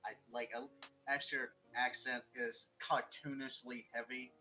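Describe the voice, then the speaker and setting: A man's voice: mid-range voice, flat delivery, measured pace, pushed and bright, faint music behind, rough recording. A young man chatting as a guest on a writing stream, rambling, joking and swearing freely. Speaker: guest writer. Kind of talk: casual chat.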